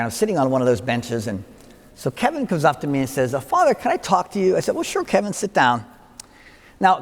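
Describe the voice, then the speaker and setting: Older priest with a lively voice in a reverberant church. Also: male voice, on the high side. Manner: storytelling with asides and gentle humor. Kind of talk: wedding homily.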